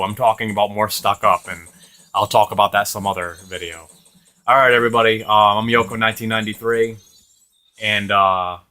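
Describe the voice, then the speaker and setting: A man's voice: fairly low pitch, sharp tone. A young man from Rhode Island, hosting a gaming channel, tells a long rambling story with lots of swearing and laughter. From Rhode Island, USA. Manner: rambling, profane, laughs often. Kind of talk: casual storytelling over gameplay.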